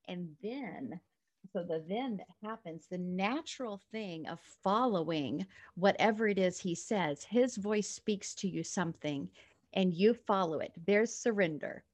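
A woman's voice: lowish voice, expressive, unhurried, a little mellow. A woman reads a Bible passage aloud, then shares her personal faith story in an earnest, reflective way, with light laughs. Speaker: guest sharing a faith story. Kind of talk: reading scripture and sharing a testimony.

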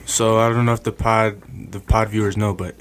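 Low-voiced man in relaxed chat. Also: a little fast, slight background noise. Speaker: podcast co-host. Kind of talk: casual chat.

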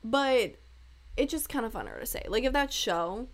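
Running her own relaxed solo podcast, a host in her twenties talks openly and meanders through plenty of tangents, joking irreverently and laughing a lot. She has a slightly high, expressive voice and keeps a moderate pace.

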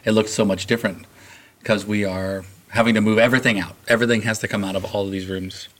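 A man's voice: lowish voice, steady tone, quick pace, a bit bright. A man, a choir teacher, hosting a casual school podcast in a choir room, upbeat and laughing often between filler-heavy sentences.

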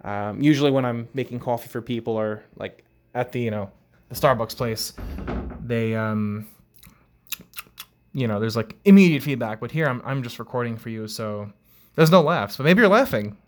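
A man's voice: medium pitch, normal speed. A man hosting his own podcast, rambling casually with many fillers and making jokes at his own expense. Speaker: podcast host. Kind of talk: casual solo podcast chat.

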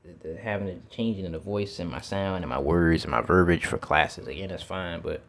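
Low-voiced man musing outdoors. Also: a little fast, a bit bright, a little hiss or hum. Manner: reflective, repeats words, swears casually. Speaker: teacher. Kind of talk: casual spoken monologue. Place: outdoors with feet in water.

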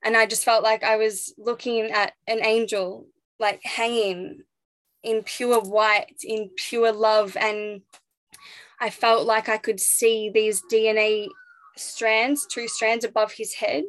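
A young pregnant woman telling a personal story as an interview guest, reflective and halting, with restarts and soft laughs. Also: on the high side, little pitch movement, dry recording.

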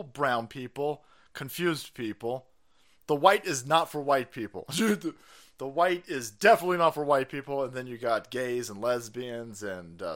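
A man's voice: medium pitch, a bit bright. A man hosting a livestream, ranting in profane political commentary with a mocking, sarcastic manner and frequent laughter. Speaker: livestream host.

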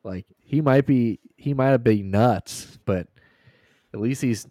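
A man's voice: mid-range voice, takes it slowly, mellow, dry recording, studio quality. A man co-hosting a podcast, trading crude, profane jokes and laughing often. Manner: crude, laughing banter with lots of swearing. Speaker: podcast co-host. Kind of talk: casual profane chat.

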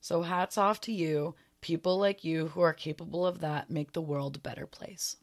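A young woman with a low-pitched voice talks through her year on her solo podcast. She is sincere and open about her feelings, and her voice sits noticeably deep for a woman. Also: fairly even intonation, moderate pace. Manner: earnest and heartfelt, a little emotional at times. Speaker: podcast host. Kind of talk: reflective solo podcast talk.

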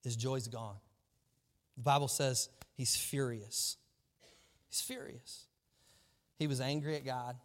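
A man preaching a sermon to his church, lively and emphatic, often acting out the voices of the people in his story. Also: mid-range voice, a little slow. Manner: animated preaching, acts out quoted voices. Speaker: pastor. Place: large church hall. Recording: long hall reverb.

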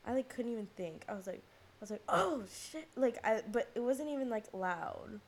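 A woman's voice: a little high, a little fast. Rambling teenage girl telling a story. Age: teens. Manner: rambling, animated, lots of fillers and swearing. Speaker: podcast host. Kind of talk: casual storytelling monologue.

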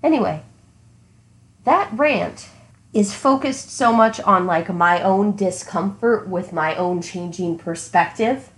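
A woman in casual book discussion, ranting animatedly and acting out what she shouted at the book. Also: mid-range voice, slow pace, echoey room, low-quality recording. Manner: animated ranting, acting out her younger self. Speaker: podcast co-host.

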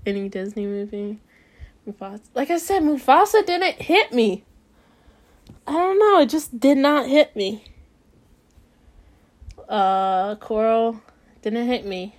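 A woman's voice: medium pitch, a little mellow. A woman hosting a casual podcast who reads a bedtime story aloud and often rambles off topic, peppering her talk with "like.". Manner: rambling, drifts off topic, frequent "like" fillers. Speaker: podcast host.

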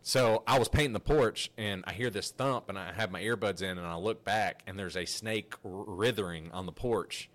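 A man hosting a podcast, telling a story in a casual, animated, rambling way with frequent restarts. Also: fairly low pitch, normal speed, hardly any pauses. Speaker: podcast host.

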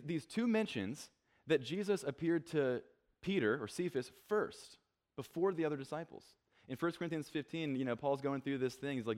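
A man preaching in church, talking casually rather than orating. His speech is loose and full of fillers and restarts, and he drops his voice low and offhand when he acts out what people said. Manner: chatty, many fillers, acts out quotes in a lower offhand voice. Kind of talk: casual conversational sermon.

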